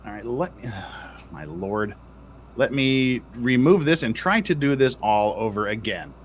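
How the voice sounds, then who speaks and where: A man's voice: mid-range voice, animated, measured pace, a little hiss or hum. A man hosting a casual livestream, reading out super chats and joking with his co-host in playful banter.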